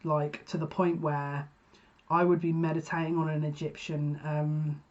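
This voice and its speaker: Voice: medium pitch, flat delivery, unhurried, darkish tone, lo-fi sound. A psychic reader giving a casual, rambling card reading to viewers, often breaking off mid-sentence. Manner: chatty, rambling, self-interrupting.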